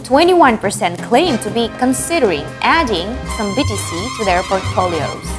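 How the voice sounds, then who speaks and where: A woman hosting a news show, reading a lively, playful script. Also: mid-range voice. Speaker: news host. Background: music.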